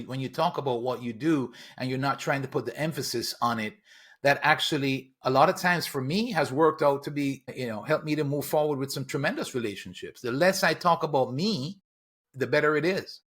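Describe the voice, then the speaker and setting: A man's voice: medium pitch, brisk, a bit bright, slightly rough. A man co-hosting a podcast, giving earnest advice directly to listeners. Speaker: podcast co-host. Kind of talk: casual podcast conversation.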